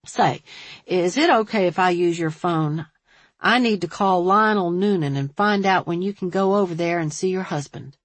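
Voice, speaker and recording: A woman's voice: lowish voice, moderate pace, no echo, natural voice. A woman voicing an earnest, plain-spoken small-town male sheriff who is often puzzled. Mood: reassuring.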